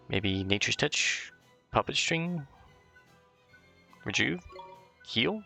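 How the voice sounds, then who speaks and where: A man's voice: fairly low pitch, unhurried, gravelly, pauses often, sharp tone, soft background music. A man giving let's play commentary in an offhand, swearing, frustrated way. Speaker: gamer.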